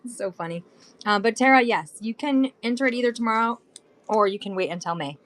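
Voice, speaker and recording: A woman's voice: fairly high pitch, a little fast, a bit bright. A bubbly, chatty woman from Southern California, in her thirties, hosting a live shopping stream. She talks straight to her viewers in a loose, friendly flow and holds items up as she goes. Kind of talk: casual live-stream selling chat.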